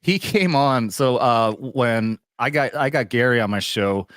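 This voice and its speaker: A man's voice: mid-range voice, a little slow, a bit bright, dry recording. A man hosting his own online show, telling stories in a rambling, profane and easygoing way, laughing often. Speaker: YouTube show host. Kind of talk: casual chat.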